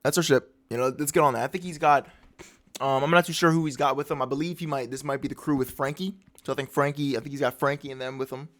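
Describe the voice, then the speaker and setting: A man casually recapping a manga chapter with excited slang and his own sound effects. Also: medium pitch, quick pace. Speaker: manga breakdown host.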